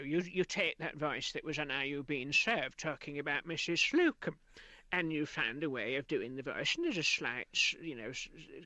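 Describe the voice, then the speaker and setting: Middle-aged man, guest in a radio studio, animated anecdotes, slightly high voice, dry close sound. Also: no room sound. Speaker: guest voice artist. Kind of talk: radio interview.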